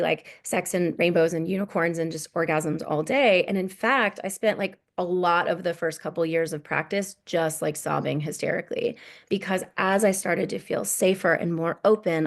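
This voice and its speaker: A woman in her thirties giving a relaxed workshop talk as a sex coach, often tagging "right?" onto her points. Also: lowish voice, gravelly. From United States.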